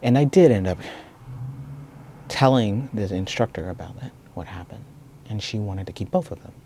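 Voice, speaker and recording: A man telling a personal story in a reflective, soft-spoken and earnest way. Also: fairly low pitch, animated, moderate pace, slight background noise. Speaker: video essayist.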